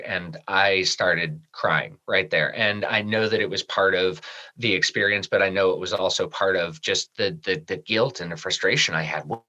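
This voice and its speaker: A middle-aged man from Michigan telling a personal story as a podcast guest, lively in the telling and falling soft and low at the serious moments. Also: rough recording. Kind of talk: storytelling in an interview.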